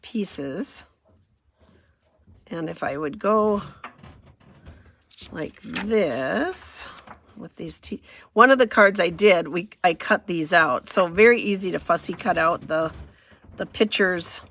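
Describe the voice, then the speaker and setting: A woman's voice: lowish voice, takes it slowly, creaky, pauses often, a bit bright, slight background noise. A woman running a casual crafting demo, chatty and self-deprecating, thinking aloud as she works. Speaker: craft demonstrator.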